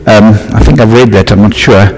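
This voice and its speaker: Preacher in a reverberant hall. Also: male voice, on the low side, fairly even intonation, brisk, a little mellow. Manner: reads scripture aloud, then banters and quizzes listeners. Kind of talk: sermon with Bible reading and questions to the congregation.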